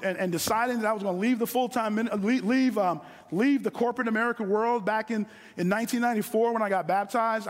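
A middle-aged man preaching a sermon from a stage, earnest and repeating phrases for emphasis, slowing down on key lines. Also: high voice. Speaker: guest preacher. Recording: long hall reverb.

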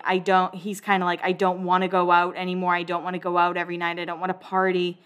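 A woman's voice: fairly low pitch, a bit bright. A woman giving a casual, chatty recap of a TV episode, sarcastic and blunt, acting out the characters' lines as she goes. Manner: chatty and sarcastic, acts out quotes, swears. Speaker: recap podcast host.

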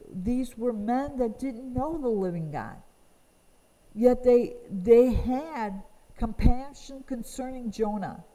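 Woman Bible teacher, fairly high voice, earnest reading and explaining, long reverb. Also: warm tone. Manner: reads scripture aloud, then explains it earnestly.

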